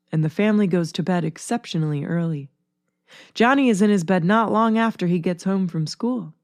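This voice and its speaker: A woman narrating a chapter of a story in a steady, measured way. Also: fairly low pitch, dry recording, studio quality. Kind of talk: storybook reading.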